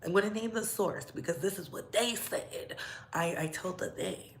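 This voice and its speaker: Her voice is on the low side and her pace moderate as this young woman runs a relaxed gossip livestream. Sassy and talkative, she calls out her viewers by name and laughs frequently.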